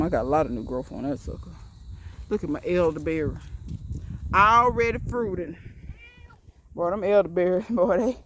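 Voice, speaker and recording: A woman's voice: mid-range voice, slight background noise. Folksy woman touring her garden. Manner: folksy, rambling, talks straight to viewers. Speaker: home gardener giving a garden tour. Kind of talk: casual walk-and-talk tour. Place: outdoor backyard garden and greenhouse.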